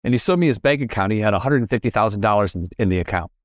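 A man's voice: fairly low pitch, expressive, very fast, no room sound, clean studio sound. A middle-aged man talking as a podcast guest in casual conversation, earnest and repetitive, often correcting himself mid-sentence.

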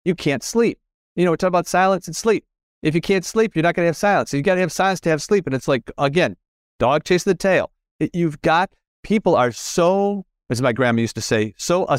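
Appearing as a podcast guest, a middle-aged man talks earnestly and casually about spirituality, often repeating phrases and restarting his sentences as he corrects himself. His voice sits at a medium pitch and is recorded close and dry, without any room echo.

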